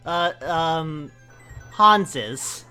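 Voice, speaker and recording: West coast woman rambling through a let's play, bright sharp voice, soft music behind. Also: drawn-out words, clean tone. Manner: animated, rambling, jumps into sudden high exclamations. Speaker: co-host of a game playthrough. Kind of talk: casual gaming commentary.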